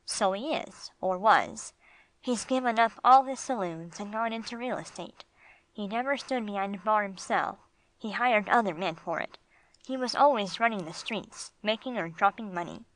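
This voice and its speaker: Woman reading gruff streetwise male bulldog, slangy, blunt, audiobook. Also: mid-range voice, moderate pace, fairly bright tone, no room sound, lightly acted, low-quality recording. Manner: slangy tough-guy talk.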